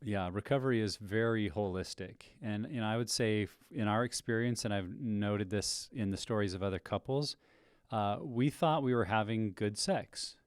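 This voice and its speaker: A married man speaking on a podcast in a measured, thoughtful way. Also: fairly low pitch, clear, resonant tone, dry recording, clean studio sound. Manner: measured and thoughtful, with some restarts. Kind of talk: reflective podcast discussion.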